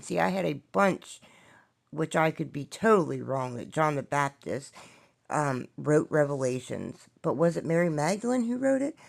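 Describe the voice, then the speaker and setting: Gravelly-voiced woman musing aloud. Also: low-pitched. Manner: wandering, questioning, unsure of herself. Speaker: podcast host. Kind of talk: spiritual channeling talk.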